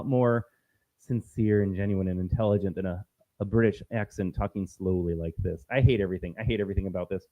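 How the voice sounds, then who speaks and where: A man's voice: mid-range voice, muffled recording. A man from Minnesota hosting a solo political commentary stream, talking in a combative, sarcastic and emphatic way.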